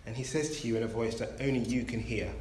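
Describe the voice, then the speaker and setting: A man preaching a sermon, telling a story in a measured, gentle way. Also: medium pitch, slight background noise. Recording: roomy echo.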